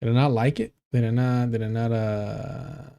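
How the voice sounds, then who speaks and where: A man's voice: medium pitch, fairly even intonation, normal speed, creaky, mellow. A man streaming live, reading an article aloud and commenting casually, swearing and stumbling over names.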